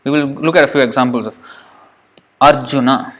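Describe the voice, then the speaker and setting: A man teaching Sanskrit pronunciation in a relaxed lesson. He repeats each sound several times and thinks aloud. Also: medium pitch, rapid-fire. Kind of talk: informal lesson drilling sounds.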